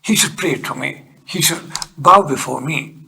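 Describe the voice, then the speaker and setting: An older man with a Kashmiri accent giving an earnest religious lecture as a Quran teacher, rising sharply for emphasis and dropping low for prayers. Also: normal speed, gravelly, bright, forceful tone, breathy edge.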